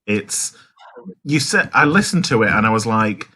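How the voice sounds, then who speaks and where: Husky man, dramatic and emphatic. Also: lowish voice, sing-song, moderate pace, sharp tone. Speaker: podcast co-host. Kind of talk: casual chat.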